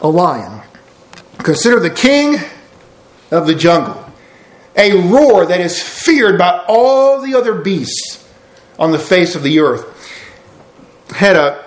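High-voiced preacher in a roomy hall. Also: male voice. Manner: folksy, emphatic preaching with rhetorical questions. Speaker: pastor. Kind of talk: sermon. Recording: roomy church hall sound.

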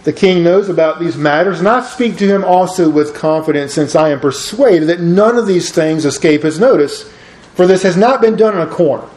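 A man's voice: on the high side, moderate pace, darkish tone, echoey room, lightly acted, rough recording. An earnest, persuasive apostle, as a man reads him aloud, speaking with a slightly raised voice. He pleads his case steadily and boldly.

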